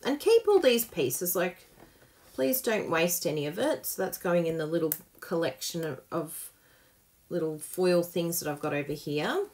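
Chatty, lively woman demonstrating a craft. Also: on the low side, unhurried, slight background noise. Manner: chatty, self-mocking, often laughing; gushing and excitable over the work. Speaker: papercraft tutorial host.

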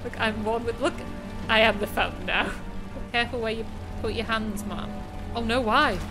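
High-voiced woman streaming a horror game. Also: moderate pace, music in the background. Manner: jumpy, screams and laughs, chatty. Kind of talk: live gameplay commentary.

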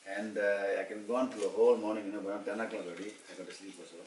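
A Malaysian man in his sixties speaks very fast in a lowish voice, sharing personal stories at an informal devotional gathering. A motivational speaker, he's an animated storyteller who acts out the quoted dialogue. The room is echoey, the mic distant, and a faint hum runs underneath.

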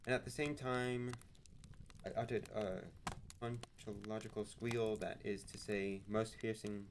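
Brief: man reading aloud, low voice, theatrical and expressive, faint noise behind. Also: measured pace. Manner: expressive, theatrical, with occasional slips. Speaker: reader. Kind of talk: dramatic book reading.

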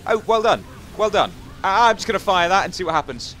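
Gamer guy yelling and joking through his playthrough, voice leaps all over, slightly high, faint hiss behind. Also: a little fast. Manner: excitable, jokey, talks to his viewers and to enemies. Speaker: gaming YouTuber. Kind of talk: casual Let's Play commentary.

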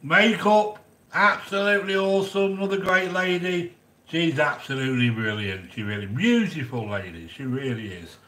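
Male cooking host, mid-pitched, effusive live-chat rambler, roomy reverberant sound. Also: big pitch swings, normal speed, a bit bright. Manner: effusive, gushing, repeats himself with fillers. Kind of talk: casual live-stream chat reading viewer comments. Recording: echoey room.

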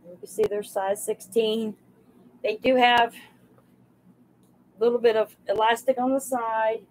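A woman runs a live sale stream, pricing items one by one and greeting her viewers by name. She talks in an unhurried, homey drawl, with a fairly high voice. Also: little pitch movement, poor audio. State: overheated.

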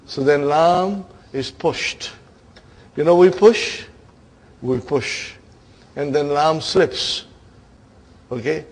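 A man's voice: fairly high pitch, very slow, long pauses, breathy edge. A man teaching an Arabic grammar class, lecturing and often checking with his students through short questions.

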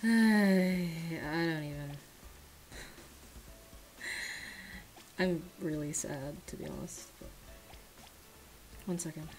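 A young woman giving casual commentary while pulling in a gacha game, drifting between quiet, mumbled disappointment and sudden shrieks of excitement. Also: very slow, long pauses, poor audio. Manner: swings from mumbled low sighs to shrieking excitement. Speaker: gacha gaming streamer.

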